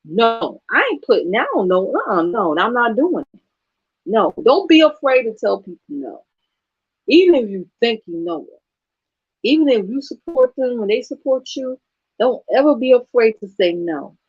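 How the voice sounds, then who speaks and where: Woman, blunt sassy rant, swings her pitch a lot, dry slightly dull sound. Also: big pitch swings, normal speed, breathy edge, no room sound. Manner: blunt, sassy, profane, laughs often. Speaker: channel host. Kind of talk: casual vlog rant.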